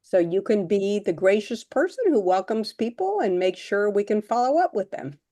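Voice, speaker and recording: Female panelist, mid pitch, clear explainer, dry sound. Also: sing-song, normal speed, warm tone, no echo. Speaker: panelist, organizer. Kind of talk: casual panel talk.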